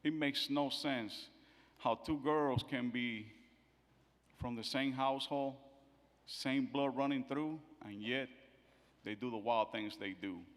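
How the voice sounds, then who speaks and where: A middle-aged man giving a eulogy for his daughter, telling family stories and acting out the quotes, his voice swinging from soft to loud. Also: medium pitch, slow, pauses often. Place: church sanctuary. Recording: long church hall reverb.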